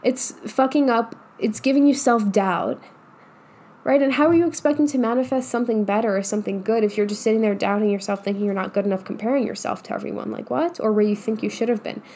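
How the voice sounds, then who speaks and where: A woman's voice: a little high, fast, darkish tone. A young adult woman coach giving a casual, emphatic motivational monologue and swearing often. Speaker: manifestation coach.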